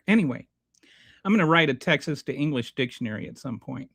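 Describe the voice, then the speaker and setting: A man's voice: on the high side, fairly quick, a bit bright, no room sound. A male host giving sarcastic, rambling political commentary on a livestream and reading chat. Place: home near a small Texas town.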